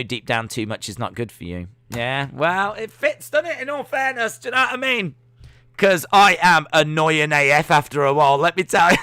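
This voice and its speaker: Bright-voiced man hosting a livestream. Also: a little high, creaky, clean tone. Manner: chatty and self-mocking, reads chat aloud with jokey asides. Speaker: livestream host. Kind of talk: casual watch-along commentary.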